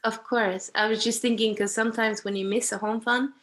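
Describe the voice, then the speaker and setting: A woman student speaking up in an online class, hesitant and halting. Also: on the high side, fairly even intonation, fairly bright tone. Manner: hesitant, with fillers. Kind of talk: casual class talk.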